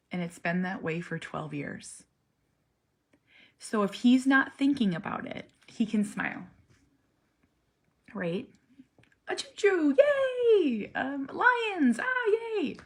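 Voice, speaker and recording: Earnest mother, animated then hushed. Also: mid-range voice, vocal fry, slightly rough. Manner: earnest, animated storytelling, drops to soft near-whispers. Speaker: parent vlogger. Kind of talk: casual personal vlog.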